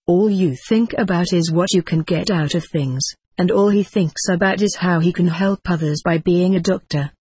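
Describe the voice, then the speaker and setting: A reader voicing a blunt, generous middle-aged male doctor, speaking in a forthright, plain-spoken way with a husky voice. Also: mid-range voice, normal speed, few pauses, a little mellow, no echo, lightly acted. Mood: firm.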